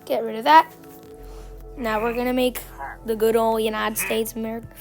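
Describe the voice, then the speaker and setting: A woman's voice: fairly high pitch, little pitch movement, soft background music. A woman giving casual, playful commentary on a game tutorial, joking at herself and trailing off with fillers. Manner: slow, playful and self-joking, with many fillers and trailing phrases.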